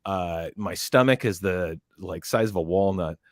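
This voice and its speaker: A man on a podcast, telling a story in a casual, animated way, close to a studio mic. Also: low-pitched, unhurried, dry recording. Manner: animated, barks quoted drill lines. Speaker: podcast panelist.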